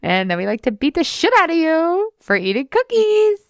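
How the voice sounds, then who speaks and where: A woman voicing a mocking female inner critic in a high, sing-song tone, close and dry. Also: big pitch swings, moderate pace, no room sound, heavily acted. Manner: mocking, singsong, high-pitched.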